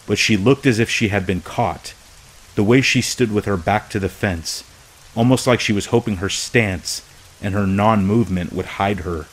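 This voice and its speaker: A man narrating a true scary story from a script, in a slow, hushed, measured way. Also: on the low side, rough recording.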